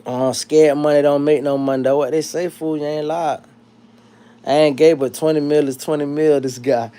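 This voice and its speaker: Profane, animated man. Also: a little high, moderate pace, clear, resonant tone. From South Florida. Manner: profane, animated, rambling with restarts. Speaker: livestream host. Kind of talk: casual livestream chat reading comments.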